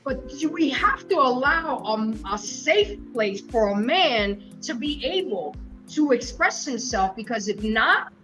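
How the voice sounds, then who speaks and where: High-voiced woman, frank and passionate. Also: very animated, measured pace, over music. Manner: frank, passionate, swears freely. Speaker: host. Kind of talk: live-stream discussion. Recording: dull lo-fi stream audio.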